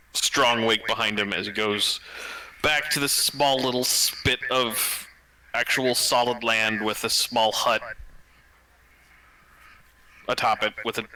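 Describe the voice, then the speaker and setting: A man with a very bright, forward voice describes his character at a tabletop game. He rambles and chuckles as he goes. A faint hiss sits under the recording. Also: fairly low pitch, low-quality recording. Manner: rambling, grumbling, chuckling asides. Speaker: player.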